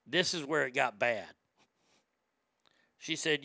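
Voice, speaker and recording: Gravelly, profane man telling family stories. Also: mid-range voice, lively intonation, a little slow, long pauses, pushed and bright, no room sound. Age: adult. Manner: candid, profane, rambling. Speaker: storyteller. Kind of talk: casual storytelling to a familiar audience.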